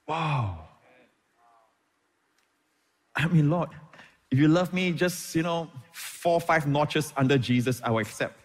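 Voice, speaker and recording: A man's voice: a little high, animated, slow pace, long pauses. Preaching male pastor in an echoey hall. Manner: preaching with frequent amens, Hebrew terms. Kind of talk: sermon.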